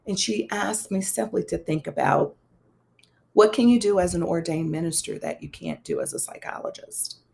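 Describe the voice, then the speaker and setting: A woman guest, a psychologist and pastor, telling a personal story in an interview, animated and conversational with touches of self-deprecating humor. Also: normal speed, vocal fry. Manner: animated, acts out quoted dialogue with big pitch swings.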